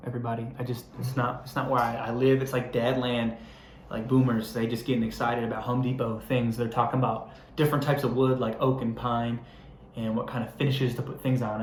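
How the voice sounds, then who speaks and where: Speaking in a middle pitch, a young man who pastors young adults delivers a relaxed, conversational sermon. He pokes fun at himself first, then builds toward sincere appeals, all within a spacious church-hall echo and slight hiss or hum.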